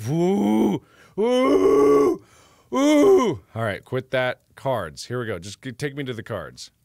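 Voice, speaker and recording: A young man live-streaming, giving gameplay commentary while getting exasperated, swearing and breaking into loud outbursts. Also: medium pitch, animated, moderate pace, no echo, clean studio sound.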